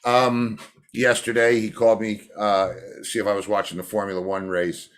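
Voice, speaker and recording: A man's voice: fairly low pitch, level tone, normal speed. A man co-hosting a casual chat, easygoing and full of fillers.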